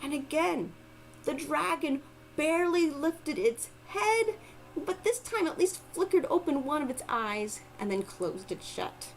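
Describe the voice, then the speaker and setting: A woman telling a folk tale aloud, expressive and lively. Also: sits high, measured pace, a little hiss or hum, poor audio. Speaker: storyteller. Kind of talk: oral storytelling.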